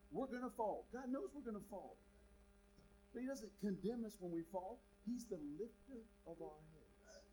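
Male pastor, high voice, animated sermon delivery, faint hum under the recording. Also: low-quality recording. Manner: animated, swings from soft to emphatic.

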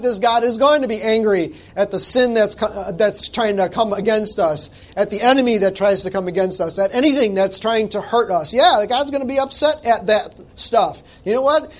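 Male pastor with a high voice, emphatic and conversational sermon, self-deprecating asides. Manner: emphatic, conversational, jokes at himself. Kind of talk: sermon with scripture reading.

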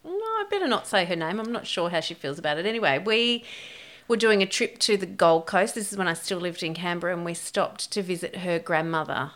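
Bright, bubbly woman. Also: on the low side, lively intonation, a little fast. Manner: chatty, laughs easily, chimes in with quips. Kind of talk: casual chat.

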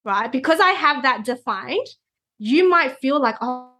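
Woman explaining with a bright, high voice. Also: lively intonation, a little slow. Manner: explains patiently, often checks in with "right?". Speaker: Human Design reader, guest. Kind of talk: explanatory conversational chat.

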